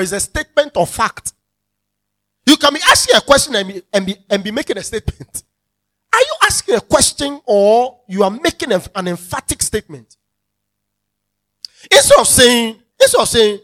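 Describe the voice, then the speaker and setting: A man's voice: very high-pitched, sing-song, moderate pace, pauses often, bright, forceful tone. A male pastor preaching a sermon, emphatic and repeating his key phrases as he calls out to the congregation.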